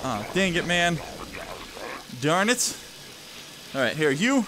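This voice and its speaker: A man giving frantic, excitable commentary while playing a video game, often mocking himself. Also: high voice, unhurried, pauses often, background noise. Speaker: gameplay video host. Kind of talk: casual gameplay commentary.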